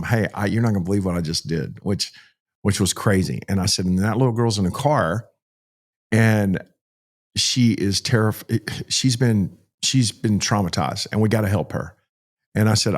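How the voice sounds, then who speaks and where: A man, a pastor telling a rescue story in an interview and acting out the voices of the people in it. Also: lowish voice. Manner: animated storyteller, acts out quoted voices.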